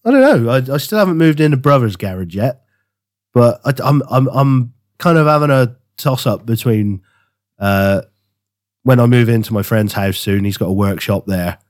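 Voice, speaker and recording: A man's voice: mid-range voice, animated, normal speed, a little mellow, dry recording, clean studio sound. A man co-hosting a podcast, chatting casually and rambling about his woodworking with frequent laughs. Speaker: podcast co-host. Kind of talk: casual chat.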